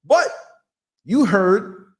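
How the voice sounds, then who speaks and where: A man spins a story on his live podcast show. His voice sits a bit high and swings widely in pitch, theatrical and full of acted-out sounds. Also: very animated, very slow. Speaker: podcast host.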